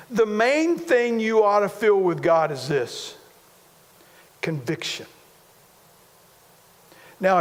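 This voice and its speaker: A man's voice: high voice, big-room sound. A man preaching a sermon as a pastor, talking conversationally, repeating himself and poking fun at himself. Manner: conversational, repetitive, self-deprecating humor.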